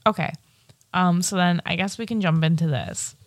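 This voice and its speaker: Woman, podcast co-host, casual movie chat, rambling, filler words, lowish voice. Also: normal speed, no room sound. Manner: relaxed, rambling, with many fillers and some swearing.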